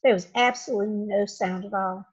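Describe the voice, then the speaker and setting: A woman reads a children's chapter book aloud with an expressive, dramatic delivery. Her voice is husky at a middle pitch. The recording is dull and lo-fi. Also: brisk. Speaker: storybook reader.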